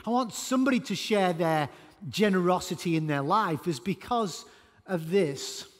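A man preaching a sermon as pastor, emphatic and animated, with sudden loud bursts. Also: sits high, normal speed. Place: church auditorium. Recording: church hall reverb.

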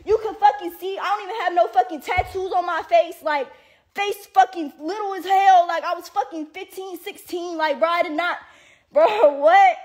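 High-pitched young woman ranting, swearing hard. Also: normal speed, a little mellow. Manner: heavy profanity, repeated "like" and "bro"; indignant and exasperated, with bursts of laughter. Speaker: livestreamer. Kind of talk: angry livestream rant.

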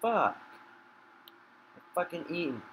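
A man giving casual gaming commentary while he plays, swearing a lot and flaring into loud rage. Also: fairly high pitch, very animated, takes it slowly, slight background noise, rough recording. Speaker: gamer.

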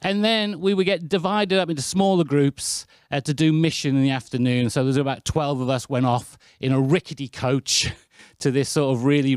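Chatty British preacher, dry sound. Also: male voice, fairly high pitch, smooth, dry recording. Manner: anecdotal, chatty and lively, with self-deprecating asides. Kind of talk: sermon.

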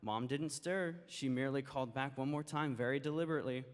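A man telling a children's story during a church service, in a gentle, folksy way with small stumbles. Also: mid-range voice, quick pace. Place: church sanctuary. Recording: long church hall reverb.

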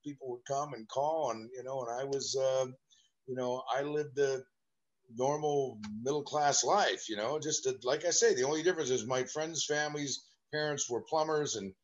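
A man's voice: mid-range voice, normal speed, dull audio. Rambling man telling family stories. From Southern California. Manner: rambling, animated anecdotes with restarts. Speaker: guest. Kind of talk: storytelling interview.

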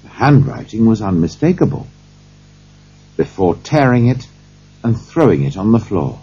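A man narrating an audiobook for English learners, slow and deliberate. His voice is low, dark and very husky, and the intonation moves a lot. The sound is dull and lo-fi. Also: sing-song. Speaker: storyteller. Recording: dull lo-fi recording.

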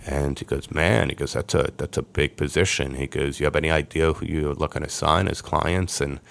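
A man, a podcast guest, telling his life story in a lively way and acting out the voices of people he quotes. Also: a bass voice, a little fast, vocal fry. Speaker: podcast guest, sports agent. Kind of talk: storytelling interview.

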